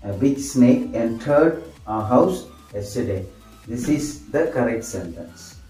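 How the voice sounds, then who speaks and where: A man gives an English grammar lesson slowly and repetitively, saying each example sentence over and over and answering himself with "yes". His mid-range voice is animated yet mellow, set back from the mic. The room is echoey, with faint music behind.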